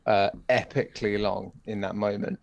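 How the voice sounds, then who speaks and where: Easygoing British podcast co-host, dry sound. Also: male voice, fairly low pitch, flat delivery, moderate pace, gravelly, no room sound, lo-fi sound. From United Kingdom. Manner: easygoing, agreeable, recaps with slang. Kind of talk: casual chat.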